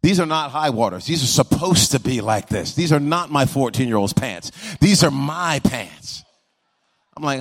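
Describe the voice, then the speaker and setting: A man's voice: mid-range voice, expressive, moderate pace. A male pastor giving a sermon with humorous asides, repeating key words, and rising into a sung, chanting preaching cadence.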